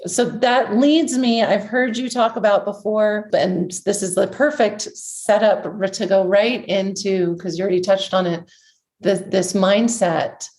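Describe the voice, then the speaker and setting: A woman's voice: medium pitch, fairly even intonation, a little slow, darkish tone. A woman hosting a health coaching podcast, affirming her guest and leading into questions. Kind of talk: podcast interview.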